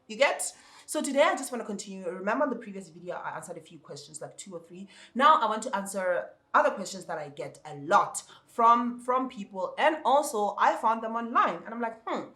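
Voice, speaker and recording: A man with an African accent and a high, soprano-like voice talks straight to his viewers. He gives casual advice as an ESL teacher, restarting and repeating words as he goes. The room around him is echoey. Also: expressive, brisk, pushed and bright.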